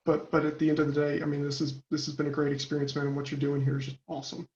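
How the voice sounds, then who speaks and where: A male podcast guest calling in by phone, talking haltingly with many fillers and restarts, enthusiastic. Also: a little high, completely flat delivery, darkish tone. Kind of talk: casual interview chat. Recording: echoey dull phone call.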